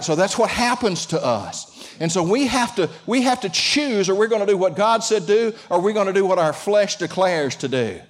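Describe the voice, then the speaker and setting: A pastor preaching a sermon, talking conversationally and calling out to the congregation. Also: male voice, sits high. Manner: conversational preaching with audience call-outs.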